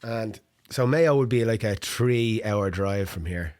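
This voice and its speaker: A man's voice: on the low side, unhurried, a little mellow. An Irish man co-hosting a podcast, chatting casually and laughing often. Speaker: podcast co-host. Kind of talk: casual chat.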